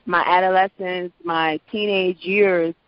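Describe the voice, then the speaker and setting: A woman in her thirties with a low voice for a woman, a lively guest telling her story in a casual interview. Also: measured pace, dry recording. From Prince George's County, Maryland, US. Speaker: actress and voice-over artist, guest. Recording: dull lo-fi audio.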